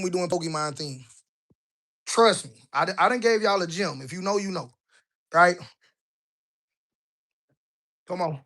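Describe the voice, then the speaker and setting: A man's voice: sits high, fairly bright tone. A man talking casually on a live stream while walking through a house with a handheld phone, loose and chatty, often tossing in "right?". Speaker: online business coach. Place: indoors in a house, walking room to room.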